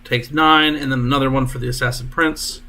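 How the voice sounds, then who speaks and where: A man as dungeon master, narrating combat turns with brisk, jokey asides. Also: medium pitch, steady tone, pushed and bright.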